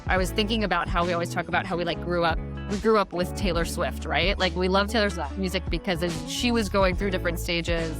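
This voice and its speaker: Young woman guest, casual chat, halting, lowish voice, music clearly underneath. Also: steady tone. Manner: warm, halting, many restarts and fillers. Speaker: podcast guest.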